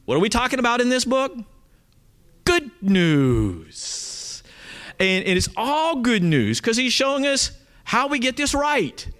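Lively, earnest male Bible teacher. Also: very high voice, measured pace. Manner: earnest, emphatic, often checks in with "okay?".

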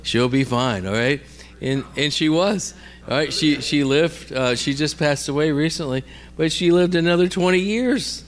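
A man's voice: fairly high pitch, normal speed. Man preaching in a chatty, storytelling way. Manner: checks in often with "all right?" and "amen?"; repeats and restarts words while telling stories. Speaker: preacher teaching on healing ministry. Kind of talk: conversational sermon with storytelling.

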